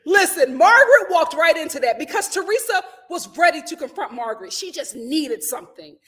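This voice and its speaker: Sassy high-voiced woman recapping reality TV. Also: expressive, a little fast, a bit bright. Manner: sassy, slangy and opinionated. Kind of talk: casual live recap chat.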